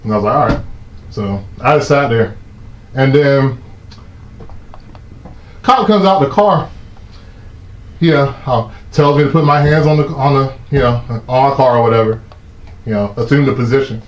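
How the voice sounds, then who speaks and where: A man, hosting a live stream and telling a story in a casual, animated way, swearing often and acting out the shouting cops. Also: mid-range voice, moderate pace, pauses often. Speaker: host of a live stream talk show. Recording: echoey muffled room sound.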